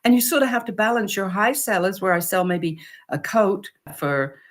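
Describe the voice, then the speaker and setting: A woman's voice: mid-range voice, moderate pace. A woman vlogger who makes upcycled clothing, giving casual, encouraging advice to camera and acting out customers. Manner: encouraging, lively, acts out customer quotes.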